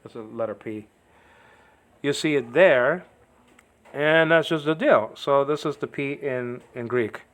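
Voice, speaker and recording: A man's voice: mid-range voice, unhurried, pauses often, fairly bright tone. Rambling male Greek teacher. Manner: rambling, digressive, says "okay?" often. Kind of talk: informal home video lesson. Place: home.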